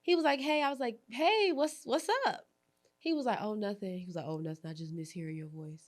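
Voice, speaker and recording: A young adult woman hosting a candid podcast conversation, telling animated stories, acting out quoted lines and laughing often. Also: on the low side, quick pace. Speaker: podcast host.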